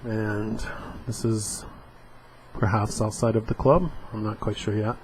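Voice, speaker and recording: A man's voice: fairly low pitch, little pitch movement, slight background noise, poor audio. A man reading a comic aloud and commenting on it, hesitant and full of fillers. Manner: slow, hesitant, with frequent fillers. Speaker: comic book reader and reviewer.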